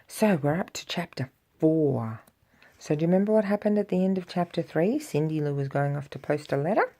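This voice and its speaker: A woman reads a children's storybook aloud to a child. Her voice is low, mellow and a little gravelly. She reads with lively swings in pitch and acts out the sound effects. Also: fairly quick. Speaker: parent reading aloud.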